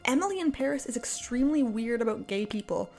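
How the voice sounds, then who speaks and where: A fairly high-voiced woman rants in a casual, exasperated and sarcastic way, often breaking into laughter. She talks from inside her apartment. Soft cafe music plays faintly behind her. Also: lively intonation, fast talker. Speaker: video creator. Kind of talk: casual commentary rant. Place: apartment, indoors.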